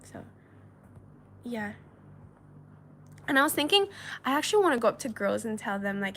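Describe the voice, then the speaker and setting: A woman's voice: on the high side, very animated, normal speed, long pauses, fairly bright tone, slight background noise. A woman from China hosting a casual livestream, reading viewer messages aloud in a chatty, giggly way with lots of filler words. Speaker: livestream host.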